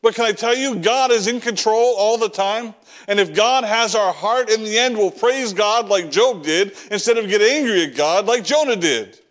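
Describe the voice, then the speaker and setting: A man's voice: sits high, normal speed, fairly bright tone. A man preaching a sermon, reading scripture and acting out the prophet's prayers, repeating words as he builds each point. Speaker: pastor.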